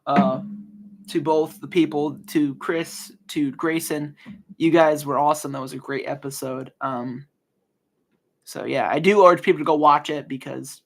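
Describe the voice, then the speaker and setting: With vocal fry and a voice on the high side, a man in his early twenties hosts a casual podcast on his own. He talks earnestly, with lots of fillers and restarts.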